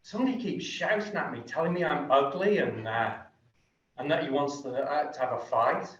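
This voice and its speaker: A man's voice: fairly high pitch, a bit bright, slight background noise, lightly acted. A man doing a bewildered bear at the bar. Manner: puzzled, halting. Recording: echoey, distant, dull.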